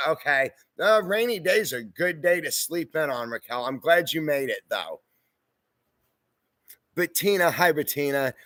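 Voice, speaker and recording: A man with a somewhat higher voice than most, recorded dry and close with no room echo. He hosts a casual livestream, reading viewer comments aloud in an easygoing, chatty way. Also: sharp tone. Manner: easygoing and chatty, often says "y'all" and "hoorah". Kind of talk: casual live-stream chat.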